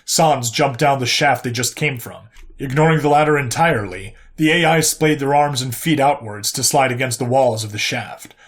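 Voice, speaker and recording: A man narrates a sci-fi story as an audiobook at an ordinary mid pitch. His storytelling is steady and plain. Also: moderate pace.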